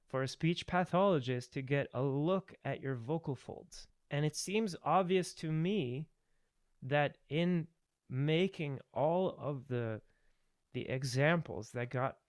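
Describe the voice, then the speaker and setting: A man's voice: on the high side, smooth, dry recording. A man giving a voice tutorial, opinionated and emphatic, ranting at times. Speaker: voice teacher. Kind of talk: tutorial with rants.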